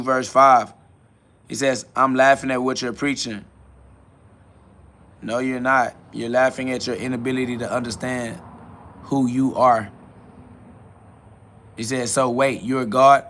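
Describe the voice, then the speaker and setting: A man's voice: mid-range voice, level tone, normal speed, long pauses, fairly bright tone. A man hosting a live stream, answering chat questions in a preachy, blunt way, with casual slang and quoted Bible verses. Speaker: livestream host.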